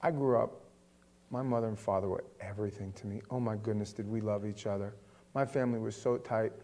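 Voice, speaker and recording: A man pastor preaching a sermon in a chatty, animated way, swinging from soft asides to loud emphasis. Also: fairly low pitch, fairly quick. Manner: conversational, with filler words.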